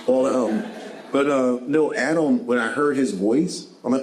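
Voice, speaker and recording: A man with a Southern US accent answering audience questions at a bookstore author talk, animated and quick to laugh. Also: medium pitch, slight background noise, poor audio. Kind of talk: casual audience Q&A. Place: bookstore event.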